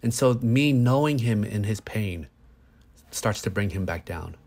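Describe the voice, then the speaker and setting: Earnest man, low voice. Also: expressive, a little slow, a little mellow. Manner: earnest, explains with everyday examples. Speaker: psychologist guest. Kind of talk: conversational explanation.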